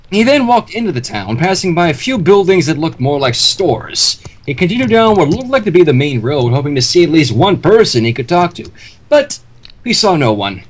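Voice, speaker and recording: A man's voice: fairly high pitch, slight background noise. A man reading a comedy fanfic aloud on a livestream, joking about the text as he goes. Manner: lively reading, laughs at the text. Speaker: fanfic reader.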